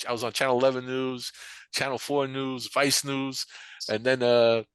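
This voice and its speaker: Bright-voiced older New man. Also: mid-range voice, level tone, normal speed, smooth, dry recording. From New York. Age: 60s. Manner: rambling, acts out quoted people. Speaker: painter and barbershop manager. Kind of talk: casual storytelling interview.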